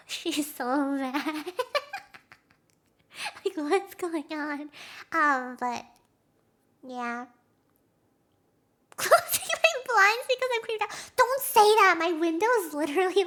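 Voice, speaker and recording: A young woman streamer chatting with her viewers, rambling excitedly, acting out quotes and laughing often. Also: sits high. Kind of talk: casual chat with stream viewers.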